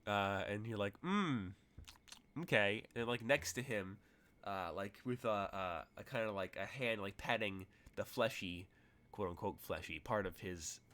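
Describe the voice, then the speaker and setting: A man's voice: lowish voice, normal speed, fairly bright tone. A man narrating as game master in a tabletop role-playing game, rambling through vivid, detailed scene descriptions.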